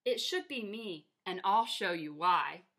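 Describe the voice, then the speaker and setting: A woman voicing an eager, boastful fox who wants to prove it is fastest, in a storybook read-aloud. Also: mid-range voice, expressive, bright, forceful tone, heavily acted.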